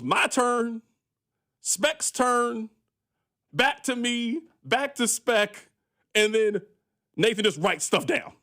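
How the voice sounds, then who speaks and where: Animated high-voiced sports radio host. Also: male voice, no room sound, studio quality. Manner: animated, exasperated ranting with mock voices. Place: radio studio. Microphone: studio microphone.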